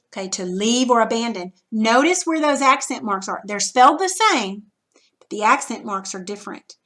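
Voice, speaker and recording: A woman's voice: a little high, expressive, moderate pace, a bit bright. A woman teacher patiently walking students through a recorded reading lesson, step by step, checking in with frequent "okay"s.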